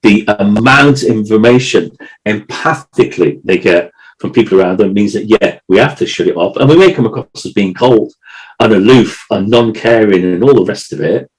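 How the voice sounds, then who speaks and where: Rambling emotional man, low-pitched. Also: normal speed, poor audio. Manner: emotional, rambling, many restarts and repeated words. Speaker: podcast co-host. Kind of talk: casual chat.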